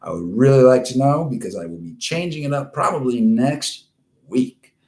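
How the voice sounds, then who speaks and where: Crude, animated man hosting a live show. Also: medium pitch, normal speed. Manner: animated, crude, emphatic, repeats punchlines. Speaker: host of a live online show. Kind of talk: profane live-stream storytelling chat. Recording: roomy echoey room.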